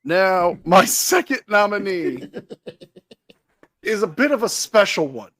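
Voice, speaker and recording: A man from Ohio who was raised in Florida, co-hosting a podcast and telling stories in a deadpan way. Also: high voice, slow, no room sound. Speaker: podcast co-host. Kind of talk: casual podcast chat.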